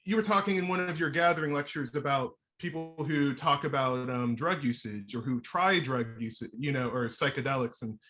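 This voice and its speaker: A man hosting a casual conversation, hesitant and searching for words, with many pauses and restarts. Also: mid-range voice, bright, forceful tone. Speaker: host.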